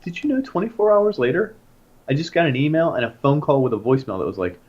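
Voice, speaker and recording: A young man co-hosting a podcast, telling a story in casual chat and getting more animated as he goes. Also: on the high side, fast, dull audio. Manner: animated anecdote-telling, rising to loud excitement. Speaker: podcast co-host.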